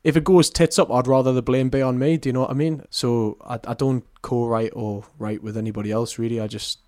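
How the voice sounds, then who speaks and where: A man's voice: mid-range voice, level tone, fairly quick, a little mellow. Chatty young man, casual musician guest. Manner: chatty, self-deprecating, laughs often. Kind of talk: casual chat.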